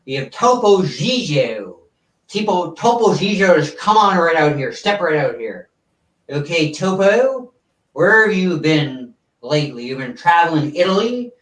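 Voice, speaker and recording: A man's voice: a little high, very animated, measured pace, a bit bright, far from the mic. A man doing a stiff old TV variety host. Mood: showy. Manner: stiff, stagey announcer delivery. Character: older male TV variety show host, stiff and showy. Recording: roomy, away from the mic.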